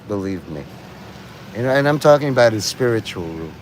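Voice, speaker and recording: A man's voice: fairly low pitch, big pitch swings, moderate pace, slight background noise. A man hosting a livestream, rambling and profane, often laughing at his own jokes. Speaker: livestream host.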